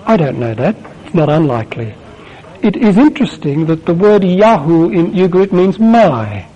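A man preaching a sermon, asking the listeners question after question and swelling louder on key words. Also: sits high, very animated, normal speed, husky, highs cut off.

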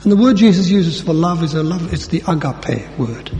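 Preacher in a reverberant hall. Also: male voice, a little high, expressive, moderate pace, hardly any pauses, mellow. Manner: conversational, acts out dialogue with colloquial asides. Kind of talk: sermon. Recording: long hall reverb, faint hum.

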